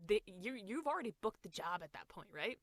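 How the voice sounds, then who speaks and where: A woman voice actor in a casual podcast chat, talking fast and laughing often as she acts out quotes. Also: mid-range voice, sing-song. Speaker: voice actor guest.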